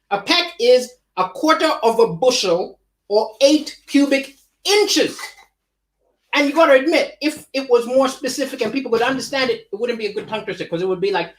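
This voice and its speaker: A man with a slight lisp hosts a live-streamed comedy show from his home. He talks in an animated, chatty way, riffing on songs and reading viewer comments aloud. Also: very high voice. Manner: animated, reads viewer chat aloud and riffs. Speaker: comedian hosting a livestream.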